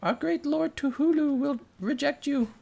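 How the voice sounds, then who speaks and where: A man's voice: very high voice, moderate pace, gravelly, darkish tone, lo-fi sound, voice pushed up. A man voicing a frantic, wailing doomsday preacher in a mocking impression. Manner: wailing, theatrical warnings.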